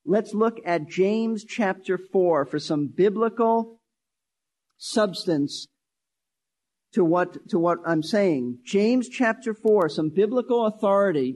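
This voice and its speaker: A pastor preaching a sermon, emphatic, repeating key phrases and shifting his pace. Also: sits high.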